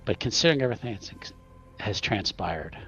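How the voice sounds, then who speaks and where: A man's voice: lowish voice, animated, fairly quick, gravelly, a bit bright, faint music behind. A man voicing a proud male vampire noble in a tabletop game, speaking in an earnest, formal way. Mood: pleading. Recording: dull lo-fi recording.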